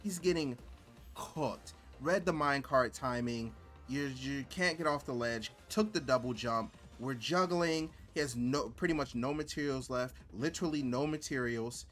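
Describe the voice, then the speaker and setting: A man's voice: medium pitch, moderate pace, fairly bright tone, soft background music. A man streaming and commenting on gameplay in a rambling, exasperated way, full of filler words.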